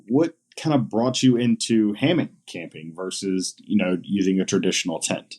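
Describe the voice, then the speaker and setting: A man co-hosts a podcast and puts a question to his guest slowly and with some hesitation. His voice sits on the low side. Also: steady tone, a little mellow. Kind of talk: asking an interview question.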